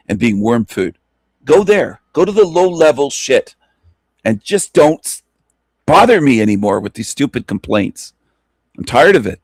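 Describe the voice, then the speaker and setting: A man's voice: medium pitch, dry recording, studio quality. A man hosting a livestream, ranting bluntly and with profanity about his critics. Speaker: channel host. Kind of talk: livestream commentary.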